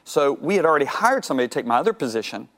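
A man telling a personal faith story as an interview guest, acting out his dialogue with God and repeating words when excited. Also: a little high, rapid-fire. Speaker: guest sharing his testimony.

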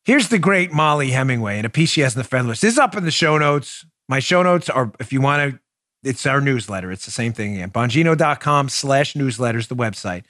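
A man hosting a political podcast, talking in a sarcastic, mocking way with loud bursts and muttered asides. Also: medium pitch, lively intonation, fast, dry recording, studio quality. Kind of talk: opinionated solo commentary.

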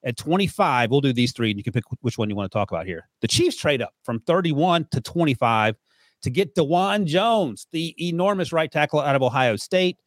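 A man's voice: a little high, lively intonation, fairly quick, dry recording. A man hosting a football podcast, casually running through draft picks and joking with his co-host. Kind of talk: casual sports podcast chat.

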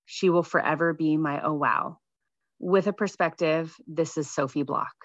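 Woman in her 30s, low-pitched, reads a personal essay gently, dry close sound. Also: steady tone, normal speed, dry recording. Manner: gentle, reflective reading. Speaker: radio essayist, mother. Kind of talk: scripted personal essay reading. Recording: dull lo-fi sound.

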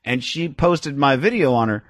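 A man co-hosting a podcast, telling comedic stories in a casual, animated way. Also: moderate pace, no room sound, studio quality. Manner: animated storyteller, jumps into squeaky character voices.

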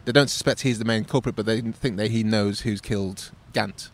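A man's voice: lowish voice, fairly even intonation, a little fast. A man co-hosting a podcast in casual chat, recapping events in an enthusiastic, slightly hesitant way. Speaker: podcast co-host.

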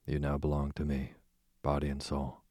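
A man reading an audiobook, voicing a languid aristocratic duke with a smooth, sarcastic drawl. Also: rumbling low, completely flat delivery, moderate pace, mellow, no room sound, clean studio sound. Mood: sardonic. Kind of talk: audiobook character voice.

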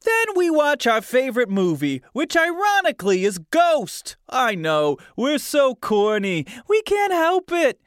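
A giddy, corny lover boy with a put-on New Jersey accent, as a man fakes it while reading aloud. The voice jumps up high and loud in a swooping sing-song, with a smooth tone and a dry sound. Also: wildly swooping pitch, unhurried, few pauses, dry recording, heavily acted. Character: corny, eager man in love with a ghost.

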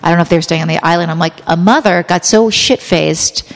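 A woman actress and podcast guest with a lowish voice tells blunt, profane, self-deprecating stories, full of "like" and restarts. A long reverb trails each phrase. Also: fast talker. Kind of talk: candid podcast storytelling.

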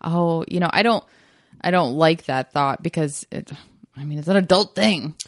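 A young adult woman co-hosting a podcast, telling stories in a casual, animated way and acting out quotes. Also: deep voice, normal speed, dry recording, clean studio sound. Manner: animated storyteller who acts out quotes. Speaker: podcast co-host. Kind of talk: casual storytelling chat.

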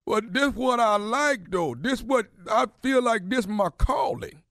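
A man's voice: very high-pitched, animated, unhurried, vocal fry, a bit bright, dry recording, clean studio sound, full character voice. A man playing a stubborn, combative blind man demanding a barber job in a prank phone call, talking insistently. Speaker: radio prankster. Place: radio studio. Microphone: studio microphone.

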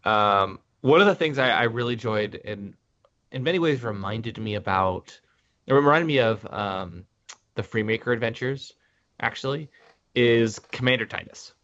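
A lower-voiced man leads a casual chat and keeps looping back to restart his thoughts. The audio is dull and lo-fi, with the top end missing. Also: expressive, normal speed, a bit bright. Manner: rambling with frequent restarts. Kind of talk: casual discussion.

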